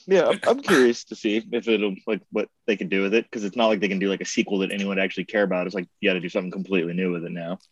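A man's voice: low-pitched, racing, few pauses, slightly rough, no echo, muffled recording. A man co-hosting a casual podcast chat, adding laid-back, wry remarks. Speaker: podcast co-host.

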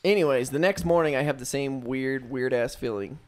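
A man's voice: mid-range voice, a little fast. Young man telling a story, swearing casually. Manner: loose, profane storytelling full of "like". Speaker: storyteller among friends. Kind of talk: casual chat.

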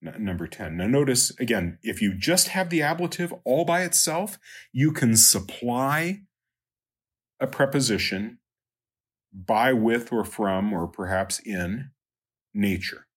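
A man teaching a Latin lesson, working through numbered exercises in a halting way with many ums and uhs. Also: medium pitch, expressive, husky. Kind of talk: recorded lecture walking through exercises.

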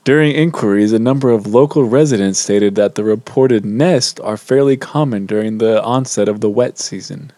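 A man's voice: on the low side, normal speed, few pauses, warm tone, dry recording. A man co-hosting a podcast, blunt and laid-back in casual chat. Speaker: podcast co-host.

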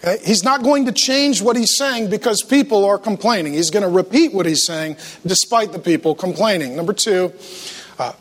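A man's voice: high voice, moderate pace. A man preaching a humorous sermon to a church congregation, playfully acting out the voices he quotes. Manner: animated, talks to the congregation.

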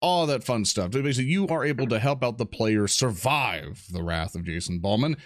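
A man's voice: mid-range voice, lively intonation, fairly quick, no echo, studio quality. A man co-hosting a tabletop game stream, chatting casually with playful, mock-dramatic asides. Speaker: player and stream co-host. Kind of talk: casual livestream chat.

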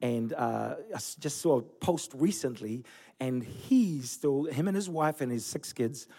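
A man in his forties, originally from Fiji, preaching a sermon as pastor with animated storytelling and self-deprecating humor. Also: mid-range voice, unhurried, creaky. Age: 40s. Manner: storytelling, animated, laughing at himself. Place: church.

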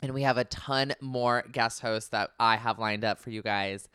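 Bright, smooth-voiced chatty male host. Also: mid-range voice, normal speed, no echo, clean studio sound. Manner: chatty, excitable, jokey. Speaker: podcast host. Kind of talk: casual chat.

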